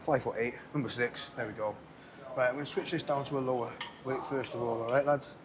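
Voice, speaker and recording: A man's voice: medium pitch, fairly even intonation, quick pace, background noise. A man coaching a gym workout in a casual, chatty way, often checking in with the viewer. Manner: chatty, coaching, keeps checking in with "okay, lads?". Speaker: fitness instructor. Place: indoor gym.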